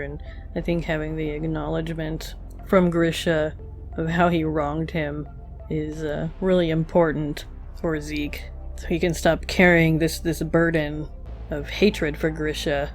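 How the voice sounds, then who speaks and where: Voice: mid-range voice, steady tone, normal speed. A reviewer talking casually through an anime episode while drawing, thoughtful and musing, with hesitant fillers. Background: faint background music.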